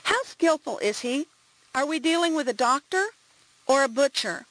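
Blunt female homicide detective, pressing questions; woman reader, slightly raised pitch. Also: expressive, normal speed, fairly bright tone, rough recording. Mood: probing.

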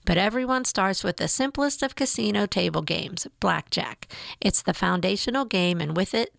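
A woman reading a news feature aloud in a measured, even way. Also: mid-range voice, gravelly, no room sound. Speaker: narrator.

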